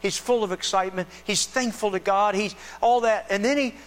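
A male pastor giving a conversational, animated sermon, retelling a scripture scene. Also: high voice, brisk. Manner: conversational, animated storytelling with restarts. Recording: reverberant hall with mains hum.

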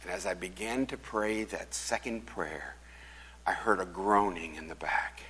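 Older male preacher, lower voice, loud then whispered, in a reverberant church. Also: unhurried, breathy edge. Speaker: pastor. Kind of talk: sermon storytelling.

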